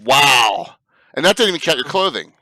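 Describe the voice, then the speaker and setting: Give me a male panel host with a lowish voice and a bright, forceful tone. He stumbles through his questions with lots of "uh"s, and the sound is dry and close with no room echo. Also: expressive, clean tone. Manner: halting, many fillers. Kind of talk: casual panel chat.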